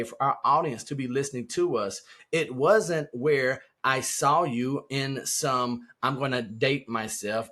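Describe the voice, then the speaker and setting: A man's voice: mid-range voice, a bit bright. Man co-hosting a podcast, telling stories. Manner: storytelling, emphatic. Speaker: podcast co-host. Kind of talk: casual podcast conversation.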